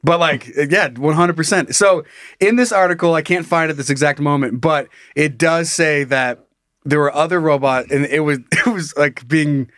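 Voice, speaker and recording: Jokey podcast guy, kinda high voice, keeps laughing and doing dumb voices. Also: normal speed, a bit bright, no echo, studio quality. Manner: goofy, acts out silly voices, laughs a lot. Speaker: podcast co-host. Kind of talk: casual comedic chat.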